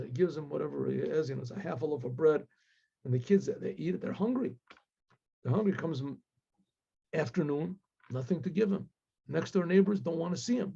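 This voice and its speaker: A man, a rabbi, telling a story with animated delivery, acting out the voices of the characters. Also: fairly high pitch, vocal fry, husky, muffled recording.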